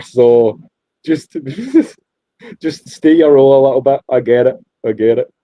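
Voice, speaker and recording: A man's voice: mid-range voice, a little slow, lo-fi sound. A Scottish man co-hosting a podcast in casual chat, joking and laughing often, with frequent restarts. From Scotland. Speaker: podcast co-host.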